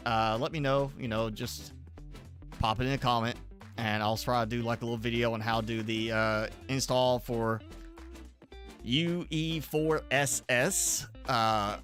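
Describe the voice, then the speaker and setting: A man with an ordinary mid-range voice chats casually on his game livestream. His explanations ramble and double back as he talks to viewers. A faint guitar track plays quietly behind him. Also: medium pitch. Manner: loose, rambling explanations with frequent restarts. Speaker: game streamer.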